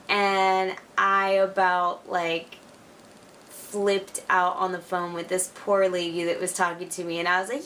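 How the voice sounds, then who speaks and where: A woman's voice: mid-range voice, normal speed, distant mic, slight background noise. Chatty young woman vlogging from home. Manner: chatty and excitable, with lots of "like" and "you know". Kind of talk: casual video letter to a friend. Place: at home, alone.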